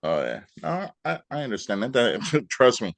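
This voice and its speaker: A woman with an extremely low voice hosts a casual interview, opening her questions with hesitant fillers and laughing along with her guest. The sound is dry and close, with little sense of the room around her. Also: sing-song, normal speed, gravelly, no echo. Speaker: interview host.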